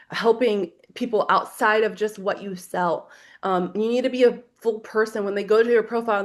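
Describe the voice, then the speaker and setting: This is a woman presenting a social media training on a video call. She talks in a loose, conversational way, with filler words and an easy pace. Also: medium pitch. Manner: casual and chatty, lots of "like".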